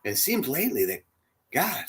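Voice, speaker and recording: A man leading a church, telling a heartfelt personal story in a sermon, dropping to a hush and rising loud as he acts out the quotes. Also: medium pitch, huge pitch swings, fairly quick. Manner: emotional, swings from hushed to loud, acts out quotes. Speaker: church spiritual leader.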